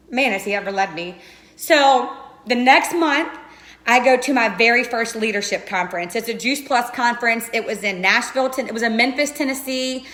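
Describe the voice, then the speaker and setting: A woman's voice: a little high, normal speed, fairly bright tone, echoey room. A woman giving an earnest, emotional personal testimony, talking straight to her listeners. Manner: earnest and passionate, addresses listeners as you guys. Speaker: direct sales coach.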